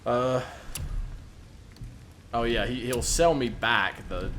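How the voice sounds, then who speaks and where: A man's voice: mid-range voice, takes it slowly, a bit bright, slight background noise. A man streaming a video game, thinking aloud in a casual, hesitant way with frequent swearing. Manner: mumbling to himself, swearing, hesitant. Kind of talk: casual gameplay commentary.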